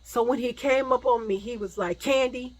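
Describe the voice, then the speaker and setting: A woman's voice: a little high, fairly quick, low-quality recording. A woman telling a story about her own past in a casual storytime vlog, swearing freely and acting out the other voices. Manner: animated, swears freely, acts out voices, drops to a hush for scary parts.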